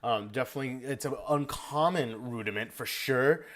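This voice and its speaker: A man's voice: medium pitch, moderate pace, a bit bright. A man giving casual feedback in an online percussion lesson, now and then singing the rhythms on syllables. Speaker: percussion instructor.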